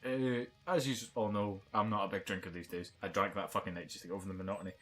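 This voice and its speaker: Young male podcast co-host, low-ish voice, fast and profane, casual banter. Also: steady tone, fairly bright tone. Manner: rapid, profane storytelling.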